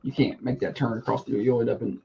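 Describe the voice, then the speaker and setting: A man's voice: mid-range voice, steady tone, fast, vocal fry, dark tone, lo-fi sound, slight background noise. A man hosting a morning radio show, casual and easygoing, laughing easily. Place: radio studio.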